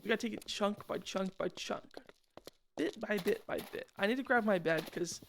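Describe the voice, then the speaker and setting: A man's voice: sits high, normal speed, a little hiss or hum. A young man giving casual, rambling commentary over his own game footage, slangy and self-deprecating. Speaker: gaming channel host.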